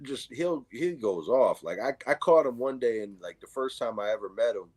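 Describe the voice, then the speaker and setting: A middle-aged man with a New York accent, co-hosting a casual chat and telling animated stories full of swearing, acting out what people said. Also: medium pitch, normal speed. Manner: animated storyteller, acts out quotes, heavy swearing. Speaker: co-host.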